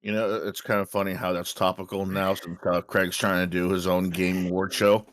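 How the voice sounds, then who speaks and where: A man's voice: low voice, level tone, a little fast, a bit bright, no echo. A man co-hosting a casual reaction stream, laid-back and chatty. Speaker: stream co-host.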